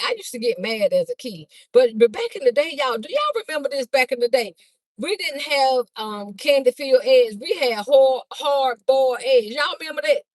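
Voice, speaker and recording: An older woman speaking chats with her livestream viewers while riding in a car. Her voice sits a little high, and her talk is folksy and loose, aimed straight at the people watching. The sound is dry and close, as from a phone. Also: no room sound, low-quality recording. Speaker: livestream host, Easter basket seller. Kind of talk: casual livestream chat with viewers. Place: in a moving car.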